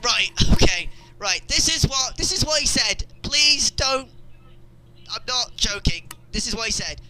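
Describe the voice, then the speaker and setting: A man co-hosting a podcast, excitable and incredulous in casual comedy chat. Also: extremely high pitch, a little slow. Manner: excitable, reads out posts incredulously. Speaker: podcast co-host.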